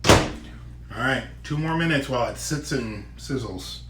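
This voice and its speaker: A man casually tasting and reviewing a microwave meal on his own channel, chatty and given to loud exclamations. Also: mid-range voice, expressive, measured pace, roomy sound, noisy background. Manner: chatty, exclaims loudly at hot bites. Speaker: food vlogger. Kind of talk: casual food review vlog.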